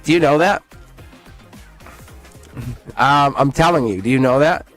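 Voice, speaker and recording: A man hosts a live tarot reading in an excited, rambling way, breaking off and restarting his sentences and laughing often. His voice sits at an ordinary middle pitch. Faint music plays behind him. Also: unhurried. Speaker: tarot reader.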